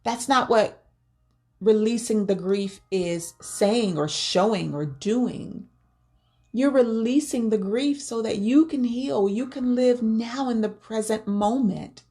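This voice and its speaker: A woman vlogger with a fairly high-pitched, darkish voice offers earnest, faith-based advice about grief. She often repeats words while searching for the right ones, speaking personally to her audience.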